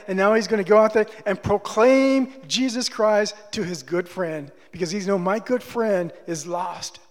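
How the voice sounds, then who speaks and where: High-voiced preacher in a reverberant hall. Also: male voice, darkish tone. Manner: emphatic, repeats rhetorical questions. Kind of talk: sermon.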